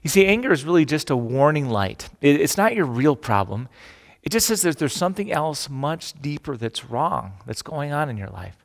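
A middle-aged man preaching a sermon, animated and emphatic, acting out the quotes he tells. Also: on the high side, moderate pace, vocal fry, long reverb tail. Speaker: pastor.

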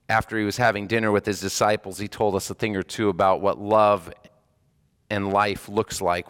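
A man's voice: on the low side, a bit bright, clear, resonant tone. A middle-aged man, a hospice chaplain and pastor, preaching a sermon in an earnest way, often repeating words and restarting phrases.

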